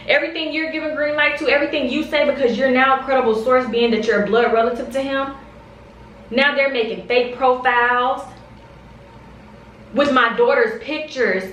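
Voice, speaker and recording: A woman's voice: on the high side, a bit bright, reverberant, recorded from a distance, a little hiss or hum, rough recording. A young woman vlogger speaking straight to camera, heated and confrontational, repeating her points for emphasis. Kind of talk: direct-to-camera storytime rant.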